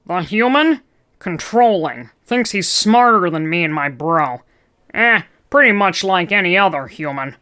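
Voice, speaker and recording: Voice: medium pitch, lively intonation, measured pace, bright, forceful tone, smooth. Reader putting on a chill skeleton dude, drawly, calls everyone buddy, fan story reading. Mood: teasing. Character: laid-back male skeleton creature, teasing.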